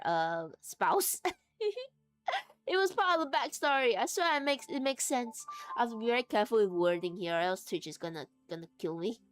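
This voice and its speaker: A woman's voice: mid-range voice, clear, resonant tone. A woman streamer and game master chatting casually while she sews, laughing often and trailing off into restarts.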